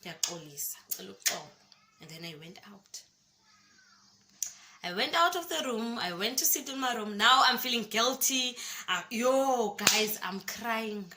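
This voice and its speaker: A young South African YouTuber tells her vlog viewers a personal story, calling them "guys" as she speaks expressively. Her voice is a little high and her pace measured, with a slight hiss or hum on the recording.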